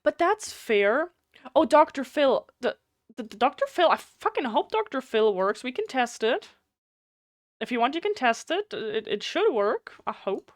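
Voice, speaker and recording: A woman's voice: sits high, very animated, a little slow, dry recording, studio quality. A woman with a German accent, a native German speaker, chatting casually and bluntly on a live game stream, swearing freely, her voice slightly nasal.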